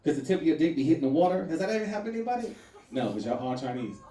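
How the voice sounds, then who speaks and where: Performing stand-up for a live audience at a comedy venue, a man delivers loud, animated, rapid-fire material and laughs through his punchlines. His voice sits a little high and sounds warm and mellow. It is picked up from a distance in an echoey space, with a faint hum behind.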